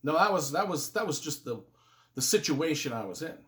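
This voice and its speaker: A man's voice: on the high side, very animated, a little fast, a bit bright. Man, earnest book reviewer, casual and emotional, voice rises and falls a lot; rambles and restarts. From United States.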